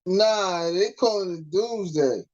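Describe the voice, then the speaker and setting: A woman co-hosting a casual podcast chat, teasing her co-host and pausing often as she searches for words. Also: lowish voice, a little mellow, lo-fi sound. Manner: playful teasing, drawn-out pauses.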